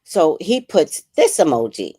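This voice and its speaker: A middle-aged woman tells a personal story in an easygoing podcast chat. Her voice sits a bit low but swings widely in pitch, and she takes her time. She laughs often and acts out what others said. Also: a little slow, breathy edge, dry recording, clean studio sound. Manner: animated, laughing, quotes people in put-on voices. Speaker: podcast host.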